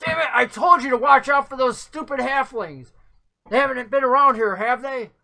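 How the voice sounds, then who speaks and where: A game master voicing a gruff, broke male half-orc shipwright who grumbles and complains in a tabletop game. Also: medium pitch, bright, forceful tone. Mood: irritated. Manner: grumbling, quick to complain, bursts into roaring laughter.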